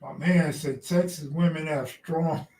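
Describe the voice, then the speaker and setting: A man livestreams casually from outdoors by the ocean, joking loosely with his chat in a slightly high voice. Heard at a distance with a roomy echo, he keeps a steady tone, a little slow and a little mellow.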